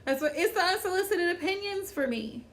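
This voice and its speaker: A woman's voice: very high-pitched, expressive, brisk, fairly bright tone, slight background noise. A woman hosting a casual livestream chat, talking to viewers by name, repeating her phrases and laughing often. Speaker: livestream host.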